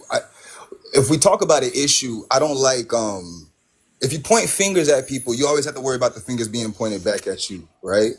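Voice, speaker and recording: A man from the United States speaking as a panel guest on a phone, hesitant and full of pauses. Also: mid-range voice, breathy edge. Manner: hesitant, full of ums, loses his train of thought.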